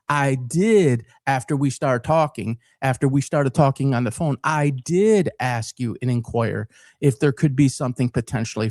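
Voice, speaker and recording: A man's voice: mid-range voice, darkish tone, dry recording. Earnest middle-aged Detroit man, dry sound. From Detroit, Michigan. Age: 50s. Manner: earnest, emphatic, repeats words as he builds his point. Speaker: sports talk show host. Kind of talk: unscripted monologue to camera.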